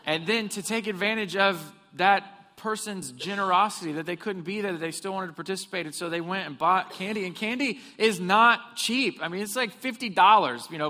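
A pastor preaches in a church hall, telling funny stories and putting questions to the congregation. His high voice is bright and forceful, and the recording carries the long reverb of the hall.

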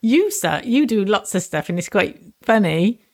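A woman chatting casually as a podcast co-host, her speech halting as she hunts for words and restarts her sentences. Her voice sits at an ordinary middle pitch. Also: very animated, darkish tone, no echo, clean studio sound. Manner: halting, searching for words with aphasia. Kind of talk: casual chat.

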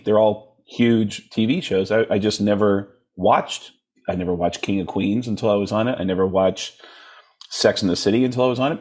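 A man, a comedian guest, telling animated self-deprecating stories in a casual chat and laughing often. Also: lowish voice, breathy edge. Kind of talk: casual storytelling in conversation.

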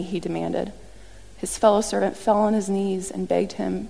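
A woman preaching a sermon in a lively, conversational way, often acting out what people said. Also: medium pitch, normal speed, creaky. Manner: animated, conversational, acts out quotes. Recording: long reverb from a large hall.

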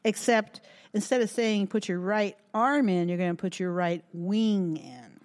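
A woman presenting finger plays and songs for young children, in an animated, sing-song, encouraging manner. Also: medium pitch, unhurried.

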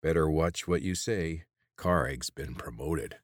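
A man's voice: extremely low pitch, unhurried, no echo, studio quality. A man voicing a scornful, growling male guard with rotten teeth in an audiobook. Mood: menacing. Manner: growling, sneering. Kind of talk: audiobook character voice.

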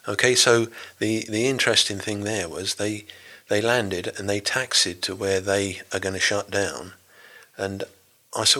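Older British ex-navy man, low voice with a bright edge, chatty and rambling as an interview guest. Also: fairly even intonation, moderate pace. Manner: rambling, full of restarts and "you know". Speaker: interview guest, former navy rescue diver. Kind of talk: storytelling in a casual interview.

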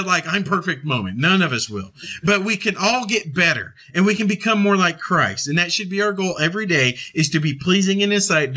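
Earnest male Bible teacher: high, sharp, bright voice, conversational and heartfelt, stumbles and restarts while reading scripture. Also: lo-fi sound. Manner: earnest, reads scripture aloud with frequent restarts; animated when voicing a small child. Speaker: preacher leading a Bible study.

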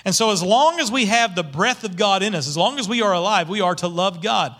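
A middle-aged man preaching from the pulpit in a bright, high voice. He is animated and keeps asking his congregation rhetorical questions. His tone is forceful and lively. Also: fairly quick. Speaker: pastor. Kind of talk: sermon.

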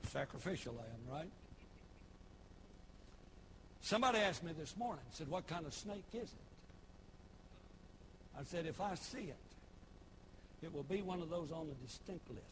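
A man preaching a sermon, folksy storytelling that builds into shouted preaching. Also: fairly high pitch, lively intonation, normal speed, pauses often, a little hiss or hum, low-quality recording. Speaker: pastor. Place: church.

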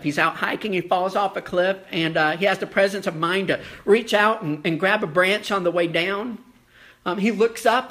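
A man's voice: high-pitched, fairly bright tone. A man, a pastor, delivering a sermon in an earnest storytelling way, reading scripture and asking rhetorical questions.

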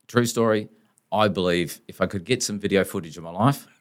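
A very deep-voiced Australian man spinning blunt, down-to-earth anecdotes. He talks in a casual, colloquial way as a podcast guest. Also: moderate pace. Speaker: company founder, guest. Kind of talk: casual storytelling.

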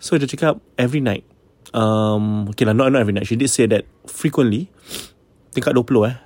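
A man's voice: medium pitch, fast, a little mellow, no room sound. A man casually telling a ghost story, mixing English with Malay and often checking in with his listeners.

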